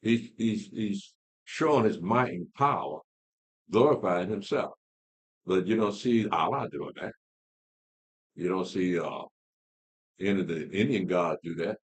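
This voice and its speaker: A man's voice: deep voice, animated, a little slow, pauses often, husky. A man leading a Bible class, talking casually, asking rhetorical questions and repeating words as he explains. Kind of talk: casual teaching talk.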